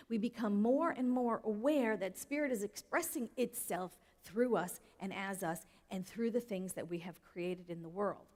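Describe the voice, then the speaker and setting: A woman's voice: medium pitch, a little mellow. A woman minister giving a sermon in a conversational way, often asking the audience questions. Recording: long hall reverb.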